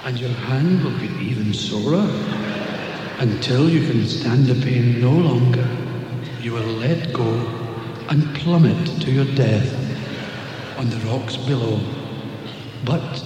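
A man voicing an all-knowing God, speaking slowly and gravely. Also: mid-range voice, noisy background, voice pushed down, close to an everyday voice. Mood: solemn. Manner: slow, grave, measured. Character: solemn all-knowing God, booming and slow. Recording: echoey hall, live venue.

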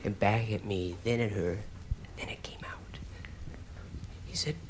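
A man in his thirties from Canada performing a stand-up comedy monologue, telling wry stories that build to sudden loud punchlines. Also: lowish voice, fairly even intonation, unhurried, long pauses. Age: 30s. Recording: noisy live comedy recording.

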